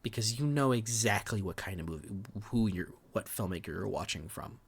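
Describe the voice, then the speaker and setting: Animated and fairly quick, a man with a lowish, creaky voice co-hosts a film podcast over slight background noise. He reviews films candidly in casual chat, swearing freely, restarting words and at times dropping to a near whisper.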